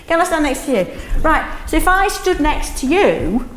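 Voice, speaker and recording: A middle-aged woman leading a teaching workshop in a classroom, lively, often checking in with "yes?". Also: sits high, normal speed, roomy sound, a little hiss or hum. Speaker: teaching trainer.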